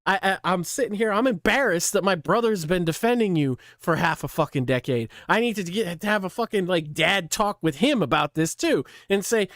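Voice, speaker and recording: A man's voice: high-pitched, lively intonation, normal speed, few pauses, a bit bright, no room sound, clean studio sound. A man hosting his own channel, scolding someone bluntly in a profane, ranting commentary. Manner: blunt, scolding, heavy swearing. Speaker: channel host.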